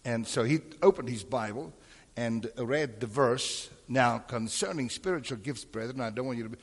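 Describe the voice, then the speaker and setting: Husky preacher in a reverberant hall. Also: male voice, medium pitch, normal speed. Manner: calls for amens and crowd responses. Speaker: pastor. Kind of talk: sermon.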